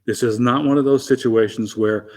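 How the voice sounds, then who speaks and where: Measured man with a faint Southern accent. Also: mid-range voice, steady tone, long reverb tail. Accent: softened Southern US. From Arkansas. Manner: measured, explanatory, dry wit. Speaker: guest. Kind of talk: interview answers.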